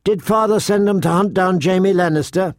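A man's voice: sits high, moderate pace, no room sound, clean studio sound, pitched above the performer's own voice, lightly acted. A man voicing a fierce, blunt young tomboy girl who talks defiantly, in an audiobook reading.

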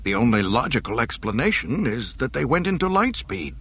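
A man's voice: mid-range voice, sing-song, a little fast, fairly bright tone, slightly rough, pitched above the performer's own voice, full character voice. A man voicing a jumpy young male tracking officer who reports in a flustered way. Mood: uneasy.

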